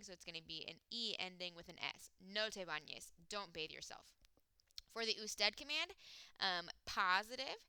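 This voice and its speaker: A woman's voice: mid-range voice, bright, forceful tone, clean tone, no echo. A woman Spanish teacher, explaining grammar step by step in a recorded lesson, with frequent "um" and "okay".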